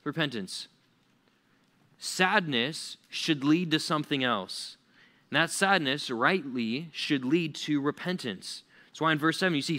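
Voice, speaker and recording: A male pastor preaching a conversational sermon, animated and full of "like" fillers as he acts out stories for the congregation. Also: a little high, unhurried. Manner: frequent "like" fillers.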